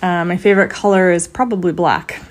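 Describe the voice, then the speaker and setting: A woman's voice: lowish voice, fairly even intonation, a little fast. A woman co-hosting a podcast, giving breezy, short answers in casual chat. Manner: breezy, brief answers with laughs. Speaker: podcast co-host.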